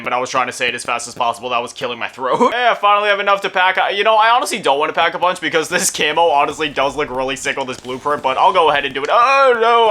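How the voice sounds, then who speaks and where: Young male game commentator, slightly high, bright, chatty and rambling. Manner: rambling, filler-heavy, chatty. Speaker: gaming YouTuber. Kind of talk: casual gameplay commentary.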